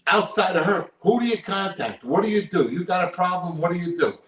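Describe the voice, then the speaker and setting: A man's voice: high voice, animated, fairly quick, fairly bright tone. Emphatic older man in an echoey room. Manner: emphatic, repeats his points. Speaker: guest, poker player. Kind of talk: casual interview chat. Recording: roomy echo.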